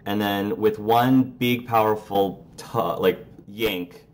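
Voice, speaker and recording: A man narrating as game master of a tabletop role-playing game, relaxed and halting, with many fillers. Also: fairly low pitch.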